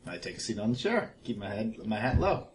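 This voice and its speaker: A man playing a tabletop game, talking in character in a slow, laid-back way. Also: on the low side, sing-song, husky. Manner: slow, laid-back, with a put-on New York accent as his character. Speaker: player.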